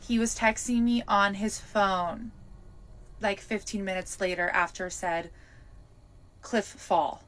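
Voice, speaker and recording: A woman's voice: mid-range voice, slow, pauses often. A young woman telling her own camping story in a casual vlog, talking animatedly with lots of fillers and restarts. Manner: breathless, animated retelling with many fillers.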